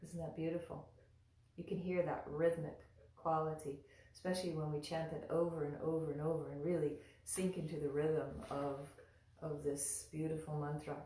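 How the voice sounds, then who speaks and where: A woman teaching mantra pronunciation in a calm, patient manner, demonstrating each sound and chanting slowly. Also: sits low. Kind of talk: slow guided pronunciation lesson. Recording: roomy echo, from a distance.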